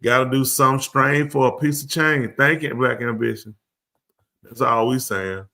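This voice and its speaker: With a mid-range, sharp voice, a steady tone, and vocal fry, a comedic talk show host speaks at a measured pace. He loosely riffs during a live comedy show, acting out both ends of a slang conversation for the audience.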